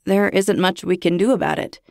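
A woman voicing a calm, firm male police dispatcher in a narrated horror story, speaking in an official, reassuring way. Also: lowish voice, a little fast, vocal fry, dry recording, studio quality.

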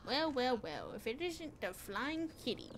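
A woman's voice: sits high, sing-song, unhurried, vocal fry, music in the background, full character voice. A woman voicing a smug, teasing crow as she reads game dialogue aloud, mocking and drawn out. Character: smug teasing crow, cocky street bird.

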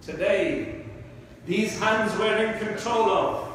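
A man's voice: sits high, a little slow, fairly bright tone, a little hiss or hum. A man, an imam delivering an impassioned, emotional sermon in a mosque hall. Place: large mosque prayer hall. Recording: echoey hall from far off.

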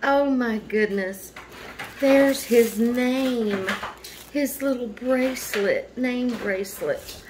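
Woman vlogger, unhurried and effusive, noisy home recording. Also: fairly high pitch, fairly even intonation. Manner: gushing, repeatedly thanking and exclaiming. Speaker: vlogger unboxing a doll. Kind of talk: casual unboxing chat. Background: household noise, dog barking.

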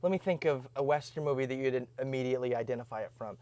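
A young man from Indiana talks fast at a medium pitch with no room sound. As a podcast co-host he chats casually and spins animated stories, acting out his own responses.

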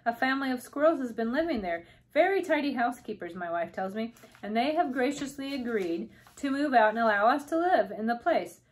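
A woman's voice: fairly high pitch, animated, fairly quick, few pauses, lightly acted. A woman reading as a polite little doll king. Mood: gentle, courteous. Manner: formal, courteous speech. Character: tiny courtly male doll king, gentle, polite.

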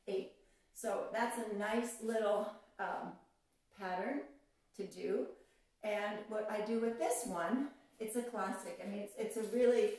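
A woman's voice: mid-range voice, a little mellow. A woman teaching a belly dance class, chatty and encouraging, counting steps aloud. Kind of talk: live online dance lesson. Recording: echoey room, voice from far off, faint music.

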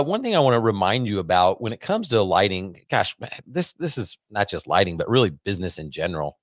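Low-voiced man, podcast host, dry close sound, energetic, conversational. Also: no echo. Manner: energetic, conversational, repeats himself. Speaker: podcast host and business coach. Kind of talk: casual monologue.

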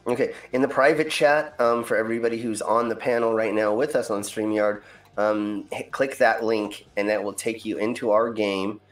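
A man's voice: lowish voice, fairly even intonation, moderate pace. A man hosting a game stream in casual chat, rambling with plenty of ums and uhs. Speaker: stream host. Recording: roomy echo, faint music.

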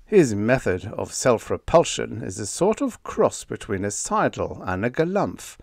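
Lively, dry-voiced male audiobook narrator. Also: mid-range voice, measured pace, gravelly, no echo. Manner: wisecracking first-person storyteller. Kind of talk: scripted narration of a humorous pulp story.

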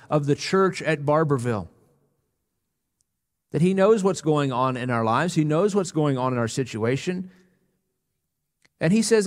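A man preaching a sermon as pastor, earnest and emphatic, slowing down on key words. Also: on the high side. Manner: earnest, emphatic preaching with slow, weighty pauses. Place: church sanctuary. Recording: long reverb of a church hall.

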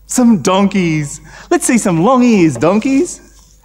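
A man's voice: high-pitched, lively intonation, slow pace, a little mellow, long reverb tail. An Australian man telling a story to young children and making animal noises.

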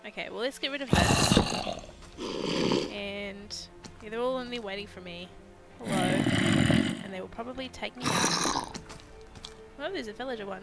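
A woman's voice: medium pitch, moderate pace, pauses often. A woman hosting a video game let's play with casual, playful commentary, now and then slipping into mock pirate talk. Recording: loud background music.

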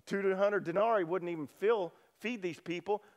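A middle-aged man preaching in a high, lively voice. He tells the story with casual asides and acts out the disciples in raised tones. For the quiet moments he sinks to a soft hush. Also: moderate pace. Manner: animated storytelling, acting out disciples' lines, swings loud to hushed. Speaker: pastor. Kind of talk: sermon.

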